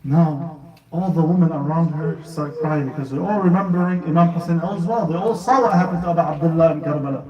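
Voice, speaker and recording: A man's voice: high-pitched, moderate pace, crowd noise. A man preaching to children at a house gathering, asking them questions as he tells a story that builds to emotional recitation. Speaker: speaker at a children's majlis. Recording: echoey room, speaker far from mic.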